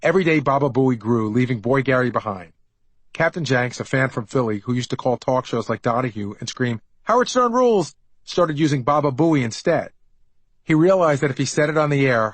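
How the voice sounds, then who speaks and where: A man's voice: medium pitch, dry recording, poor audio. A middle-aged man tells his own story in an easy, wry, conversational way, as if recounting it to a friend. His voice sits in a mid range. The studio sound is dry and close. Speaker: author narrating his memoir. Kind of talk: audiobook memoir narration.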